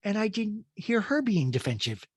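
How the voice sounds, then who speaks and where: A man voicing a preachy, self-righteous woman in a soft, sanctimonious tone. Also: high voice, big pitch swings, moderate pace, husky, dry recording, studio quality, voice pushed up, full character voice.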